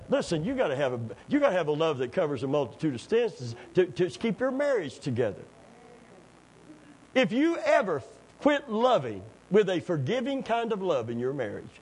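An impassioned preacher with a high voice that leaps all over the place. He tells folksy stories and jokes, then climbs to fervent, near-shouted appeals. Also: low-quality recording. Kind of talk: sermon.

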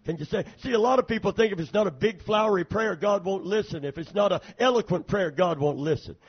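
A male pastor preaches from the pulpit with a high, slightly husky voice, pulling frequent amens from his congregation. He drifts between soft, confiding asides and loud, fervent stretches of prayer. The church recording sounds dull and lo-fi, like an old sermon tape. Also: quick pace. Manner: preaching with frequent calls for amen.

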